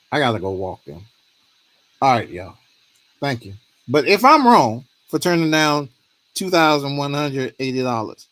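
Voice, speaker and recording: A male streamer talks in a loose, rambling way and pleads with viewers to weigh in. His pitch swings widely, rising high when he begs for an answer and dropping low when he slows down. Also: fairly bright tone. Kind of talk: casual livestream talk.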